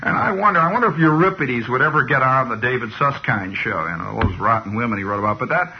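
A man's voice: medium pitch, lively intonation, fast, slightly rough. A man delivering a rambling comic radio monologue. He digresses constantly and keeps restarting with "you know". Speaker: radio host. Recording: dull lo-fi old radio recording.

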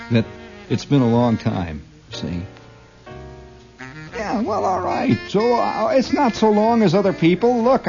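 A man's voice: high-pitched, vocal fry, dark tone, muffled recording. A man doing a stammering, argumentative comic monologue. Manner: talkative, argumentative, stammering restarts; chuckles often at his own lines. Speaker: comedian. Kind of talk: comedy monologue, one side of a conversation.

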